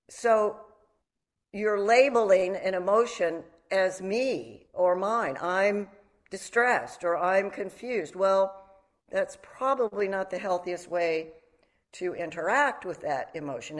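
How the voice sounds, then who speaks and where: A middle-aged woman giving a meditation talk, reflective and candid, mixing teaching with personal stories. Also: medium pitch. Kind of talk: dharma talk.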